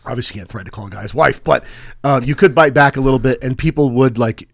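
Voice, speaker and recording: A man's voice: medium pitch, fast, vocal fry, dry recording, clean studio sound. A young adult man co-hosting a podcast, telling work stories casually and acting out angry callers in a raised voice. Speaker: podcast co-host. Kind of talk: casual storytelling chat.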